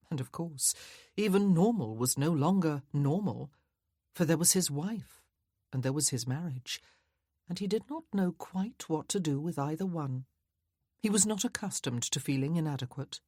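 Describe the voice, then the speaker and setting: A woman narrating an audiobook in a measured, even reading. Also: deep voice, slightly rough, no echo, studio quality.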